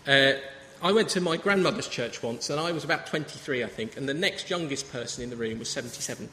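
A man's voice: medium pitch, lively intonation, quick pace, sharp tone. A man in his thirties preaching a sermon in a chatty, story-telling way. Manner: conversational, anecdotal preaching. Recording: reverberant hall with faint ambience.

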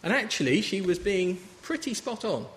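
A man's voice: high-pitched, very animated, moderate pace, a bit bright. A man in his thirties preaching a sermon in a chatty, story-telling way. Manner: conversational, anecdotal preaching. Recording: reverberant hall with faint ambience.

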